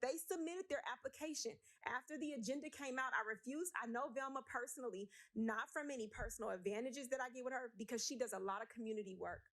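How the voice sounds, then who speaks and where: A woman's voice: a little high, fast talker, hardly any pauses, fairly bright tone. A woman speaking at a city council meeting, emotional, blunt and emphatic as she argues her point. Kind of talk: impassioned council meeting speech.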